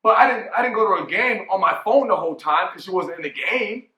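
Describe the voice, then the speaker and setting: A man's voice: sits high, lively intonation, fast, bright, forceful tone, roomy sound. A man in his forties giving a motivational keynote talk as a coach, emphatic, often asking "right?". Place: conference hall.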